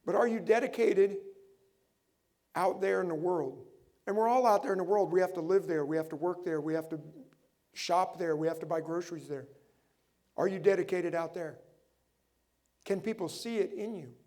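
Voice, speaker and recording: A middle-aged pastor delivers an animated sermon in a fairly high voice. He keeps firing rhetorical questions at his listeners as he preaches. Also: normal speed, long pauses.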